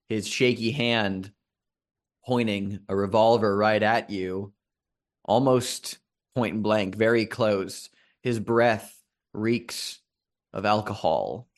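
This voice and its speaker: A man running a tabletop role-playing game, telling the scene slowly and deliberately with long dramatic pauses. His voice sits on the low side and he takes his time over every line. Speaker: game master.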